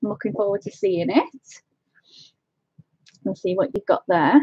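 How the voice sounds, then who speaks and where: A woman's voice: medium pitch, measured pace, a little mellow, breathy edge, no room sound, dull audio. A woman hosting a casual colouring live stream from home on a webcam, chatting, laughing often and greeting viewers by name. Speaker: colouring channel host. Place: home, indoors.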